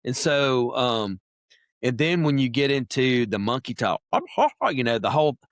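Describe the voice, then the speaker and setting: A middle-aged man, a podcast guest chatting casually and telling lively stories, now and then imitating animal calls. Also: medium pitch, a little slow, no room sound, studio quality. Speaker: podcast guest, wildlife biologist. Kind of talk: casual interview chat.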